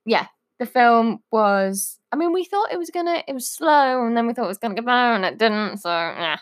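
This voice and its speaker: A woman's voice: on the high side, lively intonation, brisk. A woman co-hosting a casual podcast, giggly and teasing, often hesitating with "um". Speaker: podcast co-host. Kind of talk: casual banter.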